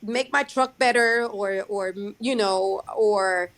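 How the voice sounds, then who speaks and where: Halting woman trucker, casual chat. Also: medium pitch, a bit bright. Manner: halting, many restarts and fillers. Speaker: guest, owner-operator truck driver. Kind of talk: casual podcast interview.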